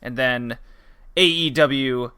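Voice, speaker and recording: Young male podcast host, upbeat and bright, rambling casual chat. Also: mid-range voice, clear, resonant tone. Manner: chatty, quick, loose with asides and laughs.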